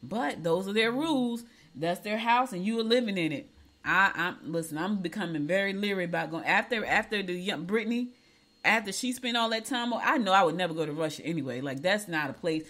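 A woman's voice: medium pitch, fairly quick, fairly bright tone. A woman radio host giving outspoken, chatty commentary on the news in a casual talk-radio style. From United States.

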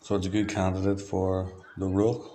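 A man from Ireland delivering a rambling, free-associating monologue in a flat, matter-of-fact way, drifting from one word to the next. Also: deep voice, normal speed, a little hiss or hum. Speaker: diarist.

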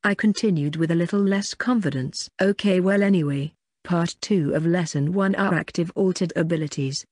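A woman's voice: on the low side, moderate pace, darkish tone, dry recording. Female audiobook narrator, first person, conversational and unpolished, dry booth sound. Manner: plain, conversational reading with small slips.

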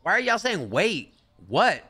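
A man's voice: high-pitched, sing-song, a little slow, pushed and bright, husky. A young man giving casual, slangy commentary while playing a store game, talking to himself and to the characters on screen. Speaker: gaming streamer.

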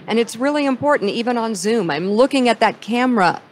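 A middle-aged woman hosting a podcast interview, speaking in a measured, encouraging way. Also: on the high side, lively intonation, slight background noise. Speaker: podcast host. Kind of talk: conversational interview.

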